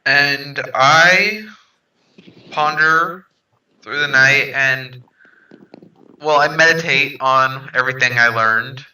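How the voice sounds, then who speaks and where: A man with a very bright, sharp voice playing a tabletop game. He speaks slowly and thinks out loud, revising what his character will do. He sits away from the mic in an echoey room. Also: mid-range voice, recorded from a distance. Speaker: player. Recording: roomy, from off mic.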